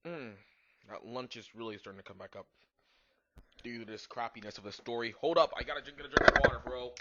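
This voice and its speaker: A man's voice: mid-range voice, quick pace, background noise. A man doing a comedic reading, tossing in sarcastic, mocking asides. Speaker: comedic reader of a bad fanfic. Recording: dull lo-fi home mic.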